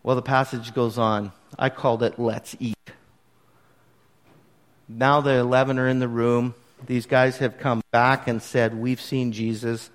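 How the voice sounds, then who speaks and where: A man preaching a sermon, retelling scripture in an animated way that swings from hushed to emphatic. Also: medium pitch, measured pace, in a large hall. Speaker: pastor.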